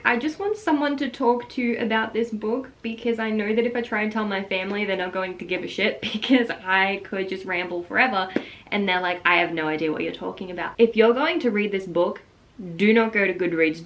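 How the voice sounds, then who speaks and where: In this roughly recorded, excited vlog, a young woman with a mid-range, fairly bright voice raves about a book. She's casual and breathlessly enthusiastic, peppering her talk with "like."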